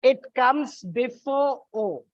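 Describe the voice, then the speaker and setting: A woman's voice: high voice, lively intonation, takes it slowly, no room sound, lo-fi sound. A woman teaching English word stress, spelling out endings letter by letter and repeating each example word. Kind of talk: classroom lesson on word stress.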